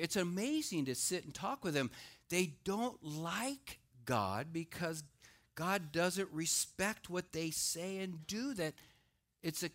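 Middle-aged guy pastor giving a sermon, animated, bright sharp tone. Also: fairly high pitch. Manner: animated, acts out quoted voices.

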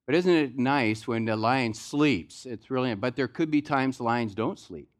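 A man's voice: mid-range voice, a little slow. Guy pastor giving a sunday sermon, chatty storyteller vibe. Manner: conversational, storytelling preacher. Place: church sanctuary.

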